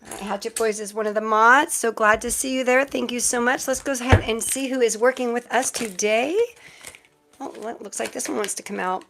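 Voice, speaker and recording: A woman with a slightly high-pitched voice runs a relaxed live stream, talking straight to her chat. She rambles from one thought to the next and keeps breaking into laughter between remarks. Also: fairly quick, gravelly, over music. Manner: chatty and rambling, laughs often. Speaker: tarot reader live streamer.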